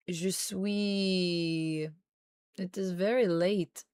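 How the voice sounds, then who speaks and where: A woman's voice: medium pitch, slow, smooth, no room sound. Woman streamer, casual livestream chat, reads chat aloud, playful mock French accent, dry close recording. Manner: reads viewer comments aloud and answers them.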